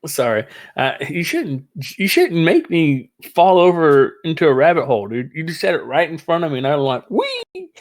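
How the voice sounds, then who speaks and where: A man hosts a casual fan podcast, getting carried away with his ideas and breaking into laughter. His voice sits a touch high for a man. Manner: excitable, rambling, quick laughs. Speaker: podcast host.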